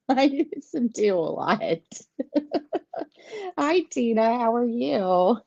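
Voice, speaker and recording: A woman's voice: fairly high pitch, very animated, very slow, gravelly, dark tone, dry recording. A woman, hosting a casual live tarot stream, chatty and giggly, rambling and greeting viewers by name. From southeastern United States. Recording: dull lo-fi stream audio, dry.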